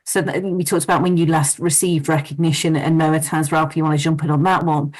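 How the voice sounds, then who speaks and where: A woman moderating a work panel, brisk and encouraging as she hands over to guests. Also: low voice, flat delivery. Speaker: panel host.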